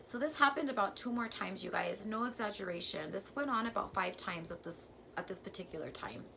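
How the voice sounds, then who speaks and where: A woman vlogger telling a personal story in a casual, chatty way, full of "like" and with sudden jumps from quiet to loud. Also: medium pitch, fairly quick, creaky, slight background noise. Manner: chatty and filler-heavy, says "like" constantly; animated, with sudden swings from hushed to loud.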